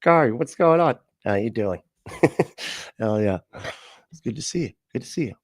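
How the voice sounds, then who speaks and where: A man's voice: mid-range voice, lively intonation, normal speed, no echo, clean studio sound. A man hosting a livestream, giving sarcastic, rambling reaction commentary and chatting with his viewers. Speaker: livestream host.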